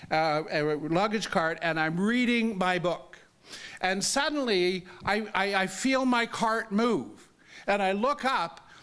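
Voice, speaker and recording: A man, a disability advocate, telling personal stories in an earnest talk, with halting restarts and an emphatic delivery. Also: fairly bright tone, smooth. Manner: earnest, halting restarts, pitch rising sharply when emphatic. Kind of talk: storytelling talk to an audience.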